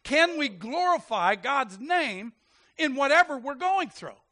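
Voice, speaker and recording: Man, pastor, sermon, high voice, very lively pitch, animated, calls out to the congregation. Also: a little slow.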